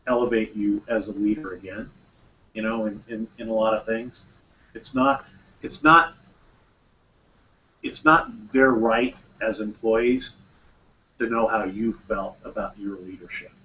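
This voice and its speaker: A man's voice: on the low side, a little slow, long pauses, bright, forceful tone, recorded from a distance. A man hosts a group discussion, talking casually and acting out bits of dialogue. He sits away from the mic, and the sound is muffled with a faint hum of room noise. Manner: conversational, repeats phrases, acts out quoted dialogue. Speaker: mastermind group host.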